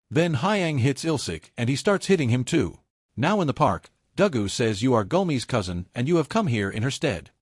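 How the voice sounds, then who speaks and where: A man's voice: medium pitch, dry recording, clean studio sound. A man narrating a drama recap in a scripted style, reading the quoted dialogue in the same plain narrating voice.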